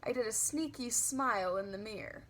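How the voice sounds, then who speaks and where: Female children's audiobook narrator, lively childlike delivery, slightly high voice. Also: moderate pace.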